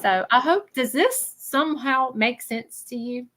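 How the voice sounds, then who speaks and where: Casting: woman, psychic medium hosting a live reading, chatty, bright tone. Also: sits high, expressive, measured pace, poor audio. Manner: chatty, keeps checking in with 'okay?'.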